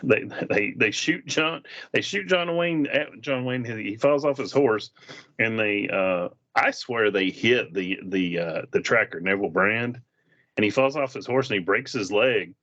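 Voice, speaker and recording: Low-voiced man retelling movie scenes. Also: unhurried, a bit bright. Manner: retells scenes, acting out lines in funny voices. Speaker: movie reviewer. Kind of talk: casual film review chat. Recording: dull lo-fi sound.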